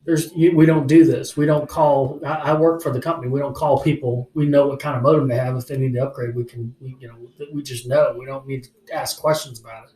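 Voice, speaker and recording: A man's voice: mid-range voice, fast talker, hardly any pauses, reverberant, low-quality recording. A man casually telling a story as a podcast co-host, acting out angry phone calls and cursing as he goes. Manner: animated, swearing, acts out angry phone calls.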